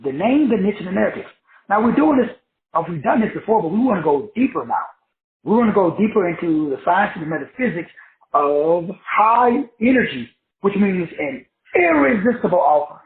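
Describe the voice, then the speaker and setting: Host-teacher man, high-pitched, preachy and colloquial, heard through a tinny phone-like line. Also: animated, moderate pace, roomy sound. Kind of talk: motivational lecture.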